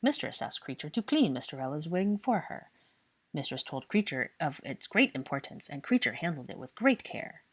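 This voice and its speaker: A woman voicing a fussy, servile old male house elf who croaks and talks in odd third-person grammar. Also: low voice, big pitch swings, moderate pace, full character voice.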